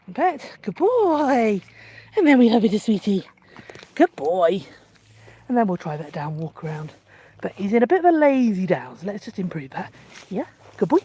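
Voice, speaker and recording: A woman trainer with a husky, mellow voice explains a live demonstration in an easy, steady way. Her pitch swings widely as she jumps into high, excited praise for her dog. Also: moderate pace, pauses often.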